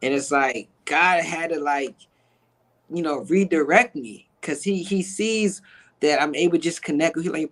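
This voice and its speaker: A man being interviewed, an actor, telling an emotional personal testimony in a slangy, animated, preacher-like way, acting out quoted dialogue. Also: a little high, moderate pace, low-quality recording. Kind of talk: emotional conversational storytelling.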